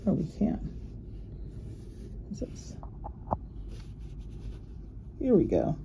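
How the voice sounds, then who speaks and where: Low, lively woman. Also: very slow, creaky, highs cut off, background noise. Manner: chatty, rambling, often laughs. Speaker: luxury unboxing vlogger. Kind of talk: casual show-and-tell chat.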